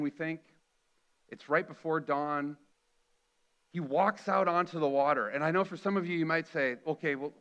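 Bright-voiced preacher man. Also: fairly high pitch, smooth, highs cut off. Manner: earnest preaching, dramatic readings of quoted lines. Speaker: pastor. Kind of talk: sermon.

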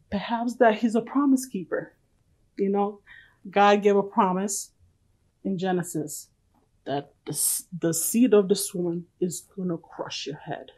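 A woman preaching a sermon and giving a personal testimony, earnest and pleading, swinging from loud to soft. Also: medium pitch, slightly rough, poor audio.

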